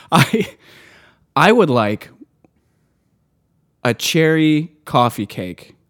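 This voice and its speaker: A man venting loudly in casual podcast chat, worked up and mimicking customers as he rants. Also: a little high, drawn-out words. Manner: ranting, animated, mimics customers. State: worked up and loud. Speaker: podcast co-host.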